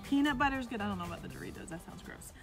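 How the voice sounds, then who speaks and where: A middle-aged woman with a bright, high voice walks through a campfire cooking demonstration at a campground. She talks in a cheerful, chatty way, explaining each step as she goes. Faint music plays softly beneath her. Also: expressive, racing. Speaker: campground host. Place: outdoor campground by a fire pit.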